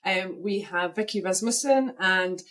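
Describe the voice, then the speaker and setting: A woman's voice: medium pitch, unhurried, fairly bright tone. A woman with a Scottish accent hosting a casual interview over a video call, effusive and enthusiastic. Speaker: podcast host.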